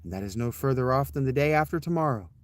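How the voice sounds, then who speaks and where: A man's voice: medium pitch, lively intonation, fast talker, close to an everyday voice. A man reading the lines of an imprisoned, loyal young handmaiden in a storybook tale, in a plain reading voice. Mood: earnest.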